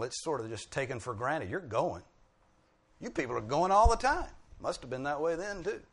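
A man delivers a teaching sermon in an ordinary mid-range voice. He explains patiently like a teacher, leans hard on key words, and drops wry little asides. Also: medium pitch. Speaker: preacher.

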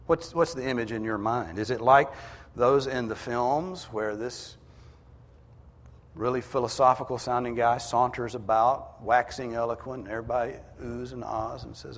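A man preaching a sermon, emphatic, rising in pitch and force to drive his points home. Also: fairly even intonation, moderate pace, long reverb tail.

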